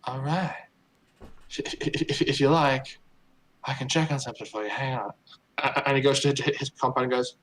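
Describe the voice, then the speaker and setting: A man's voice: medium pitch, fairly even intonation, moderate pace, fairly bright tone, a little hiss or hum, rough recording. A man narrating as game master of a tabletop game, stammering and restarting often. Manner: stammering, many repeated starts.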